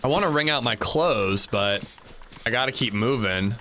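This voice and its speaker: A man's voice: mid-range voice, lively intonation, normal speed, pushed and bright, slight background noise. A man streaming a survival game, chatting casually and joking with his viewers. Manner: joking, chatty, talks to chat. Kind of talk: casual livestream commentary.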